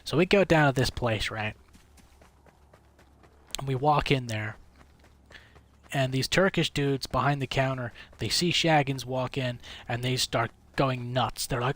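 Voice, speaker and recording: A man's voice: medium pitch, measured pace, long pauses, a bit bright. A man livestreaming a game late at night, telling a long rambling story in casual chat, swearing freely. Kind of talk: casual chat while gaming.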